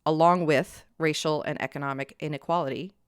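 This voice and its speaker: A woman's voice: deep voice, fairly even intonation, brisk, clean tone, no echo, clean studio sound. A woman co-hosting a history podcast, reading prepared research and breaking into heated outrage. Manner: reads prepared notes, flares into heated outrage. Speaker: podcast co-host presenting research. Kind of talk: scripted history podcast with casual banter.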